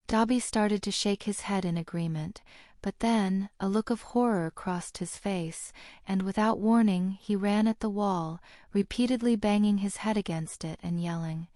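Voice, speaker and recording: A woman narrating a fan fiction audiobook in a steady, measured reading. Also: medium pitch, no echo, clean studio sound.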